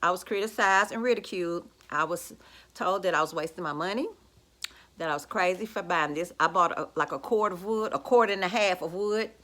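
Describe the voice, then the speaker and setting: A woman's voice: on the low side, a little fast, sharp tone. A woman, talking to her viewers from home in a sassy, gloating, casual vlog rant. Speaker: vlogger. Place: at home, indoors.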